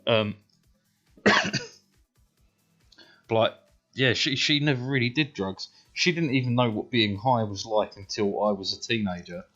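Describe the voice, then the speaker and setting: Speaking a little slowly with long pauses, this man in his thirties has a British accent and a fairly bright voice on the low side. He streams while gaming, rambling through heavily profane personal anecdotes and tossing in "right?" over and over. The audio sounds dull, with faint music.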